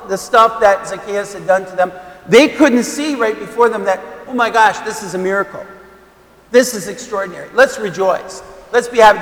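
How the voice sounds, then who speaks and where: High-voiced priest in an echoey church. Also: male voice, fairly bright tone. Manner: conversational, with frequent fillers and emphatic repetition. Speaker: Catholic priest. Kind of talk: homily. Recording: echoey church with long reverb.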